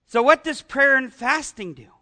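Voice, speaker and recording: Male pastor, high and bright, conversational sermon delivery with questions to the congregation. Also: animated, moderate pace.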